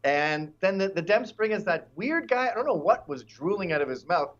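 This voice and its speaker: A man's voice: sits high, animated, normal speed, a bit bright, highs cut off. A man guest on a political talk show, brash and mocking, sometimes putting on silly voices.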